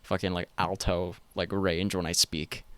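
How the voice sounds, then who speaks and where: A man's voice: sits low, little pitch movement, measured pace, a bit bright. A young man hosting a podcast, talking casually in a rambling, filler-heavy way with easy swearing. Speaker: podcast host.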